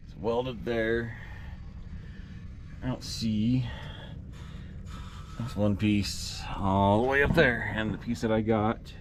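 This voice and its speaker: A man's voice: on the low side, background noise. A man, short of breath, chatting casually and rambling as he works on an old truck for his vlog. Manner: rambling, restarts mid-sentence, plain-spoken. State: out of breath, winded. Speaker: vlogger working on his truck. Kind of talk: casual vlog chat while working.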